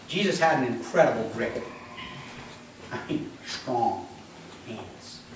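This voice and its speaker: A man's voice: a little high, fairly bright tone, heavy reverb, far from the mic, a little hiss or hum, rough recording. A man preaching a sermon as pastor, talking conversationally, quizzing the congregation and acting out voices. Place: church.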